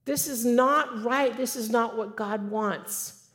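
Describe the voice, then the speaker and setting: A woman's voice: fairly high pitch, takes it slowly, fairly bright tone. A middle-aged woman giving an earnest, exhorting sermon to women, often repeating phrases for emphasis. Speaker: women's speaker. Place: church sanctuary. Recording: long hall reverb.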